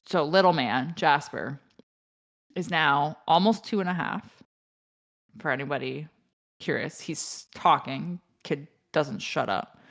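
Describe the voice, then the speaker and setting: A woman's voice: low-pitched, takes it slowly, gravelly. A woman guest on a podcast, telling stories with frequent laughter and casual swearing. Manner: animated storyteller, laughs often, swears casually. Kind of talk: casual chat.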